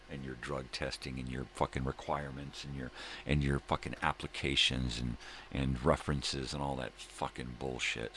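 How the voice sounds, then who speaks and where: A man's voice: extremely low pitch, level tone, moderate pace, bright, forceful tone, a little hiss or hum. A man hosting his own daily video show, ranting in a profane, angry monologue. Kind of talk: casual monologue.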